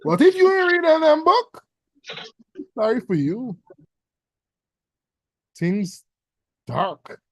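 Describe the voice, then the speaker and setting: A man teaching a casual exam revision class, teasing students with loud bursts. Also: very high-pitched, wildly swooping pitch, slow, pauses often, no echo, clean studio sound.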